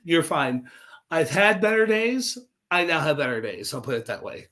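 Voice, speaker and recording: A man's voice: on the high side, very animated, normal speed, fairly bright tone. A man with a slight New York accent, chatting as a guest on a stream in a friendly, meandering way. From Brooklyn, New York. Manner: meandering, friendly, restarts his thoughts. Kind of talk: casual chat.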